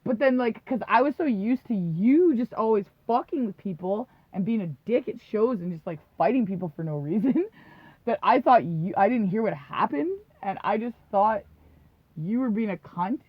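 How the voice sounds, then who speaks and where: A woman's voice: medium pitch, expressive, moderate pace, dry recording. Woman podcast cohost, swears a lot, rambly storyteller, dull muffled sound. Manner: rambling, profane, laughs often, acts out quotes. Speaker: podcast co-host. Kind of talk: casual storytelling chat. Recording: dull lo-fi dry recording.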